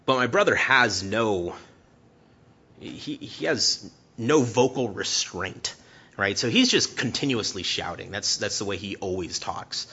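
A male preacher delivers a sermon in a lowish, hard-edged, forceful voice. He stumbles over and repeats his words, then builds to impassioned shouting. The recording sounds dull and lo-fi. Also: animated, measured pace, husky.

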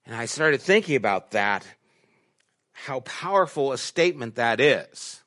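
A middle-aged man, a pastor, preaching a sermon and telling stories, dropping to hushed asides and rising to emphatic questions. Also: medium pitch, sing-song, unhurried. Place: church sanctuary.

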